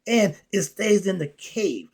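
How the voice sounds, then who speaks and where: A man lecturing about spirituality, asking and answering his own questions, with quiet asides and loud excited bursts. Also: sits high, slow pace, husky. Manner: preachy, talks straight at the audience, asks and answers his own questions. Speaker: host.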